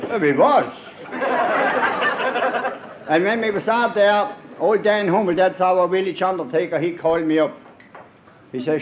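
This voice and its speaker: A man doing a stand-up comedy routine in a Pennsylvania Dutch accent. His voice sits a touch high, and he spins folksy, ungrammatical yarns about neighbors and relatives. A faint hiss lies under the recording. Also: unhurried, pauses often, crowd noise. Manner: folksy dialect storytelling, homespun grammar.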